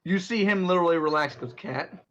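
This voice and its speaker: A man's voice: fairly high pitch, a little fast, a bit bright, highs cut off. A man narrating as game master of an online tabletop game, stammering and laughing as he describes the scene.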